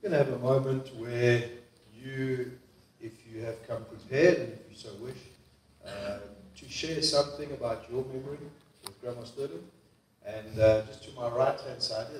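A man hosting a memorial service, speaking softly and haltingly with many pauses and fillers. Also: medium pitch, a little hiss or hum. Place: church hall. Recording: echoey church hall, voice from far off.

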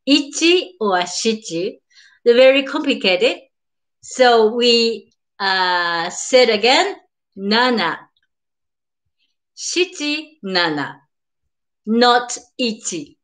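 An older woman with a Japanese accent teaching beginners, slowly repeating each word, greeting viewers and laughing often. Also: on the high side, lively intonation. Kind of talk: live-streamed beginner language lesson.

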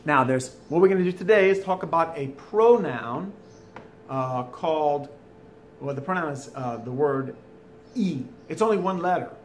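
A man's voice: on the high side, animated, moderate pace, slight background noise. A man teaching a French lesson in a recorded video, chatty, with folksy asides, recording from home. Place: home, during school closure.

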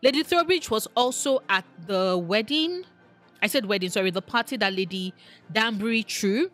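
A woman chatting casually to camera as an online creator, animated and exclamatory, talking straight to the people she discusses. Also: mid-range voice, normal speed, soft background music. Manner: animated, exclamatory, addresses characters directly. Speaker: online video creator ranking TV characters.

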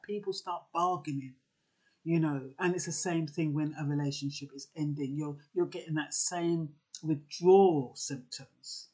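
A man's voice: a little high, steady tone, normal speed, darkish tone, husky. A man giving earnest, conversational advice, with frequent fillers and restarts. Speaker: advice vlogger. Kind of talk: casual advice talk.

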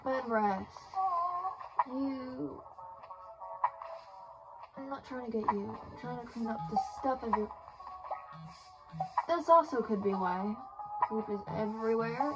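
Lady chatting while she plays a game, exclaims a lot, higher voice, dull muffled sound. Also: slow pace, long pauses. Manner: chatty, exclaiming, laughing at herself. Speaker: gaming video creator. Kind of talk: casual game commentary. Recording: muffled audio under loud game music.

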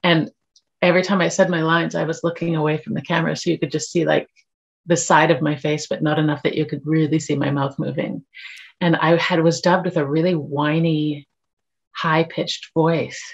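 A woman's voice: low-pitched, flat delivery, normal speed, creaky, husky, highs cut off. A woman actor from Canada, a guest on a podcast, chatting casually and laughing at herself. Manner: laughs easily, self-deprecating. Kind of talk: casual interview chat.

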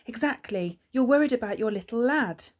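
A woman's voice: fairly high pitch, lively intonation, normal speed, pitched above the performer's own voice. A woman voicing a kind, polite male neighbour hedgehog in a storybook, sounding reassuring.

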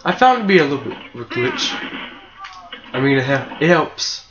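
A man's voice: medium pitch, a little fast. A young man casually commentating his own speedrun, rambling and self-mocking with sarcastic asides. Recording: muffled lo-fi with steady hiss.

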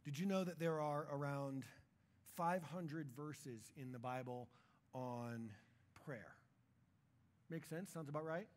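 Man, pastor, high voice, casual jokey sermon, church. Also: slow, long pauses. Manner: conversational, animated, jokey preaching.

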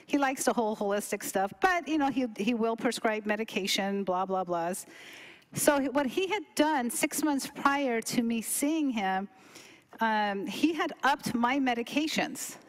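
A middle-aged woman tells a story in a casual, chatty way. Her voice sits a little high, and she leaps up and down in pitch when she acts out what other people said. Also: normal speed. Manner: animated, acts out quoted dialogue with big pitch jumps. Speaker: cooking demo presenter.

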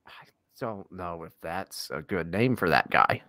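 A man's voice: sits low, expressive, a little slow, sharp tone, no room sound. An American man co-hosting a podcast, talking in a casual, profane and sarcastic way with lots of fillers. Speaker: podcast co-host. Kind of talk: casual chat.

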